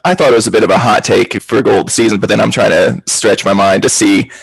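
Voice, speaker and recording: Male podcast host, husky and gravelly, rambling casual football chat on a video call. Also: on the low side, fairly even intonation, fast talker, no echo, poor audio.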